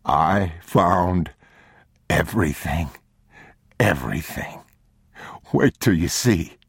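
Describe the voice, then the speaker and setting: A man playing a weary, protective father in an audiobook, talking low, steady and reassuring. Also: takes it slowly, gravelly, husky, no echo, clean studio sound, exaggerated voice.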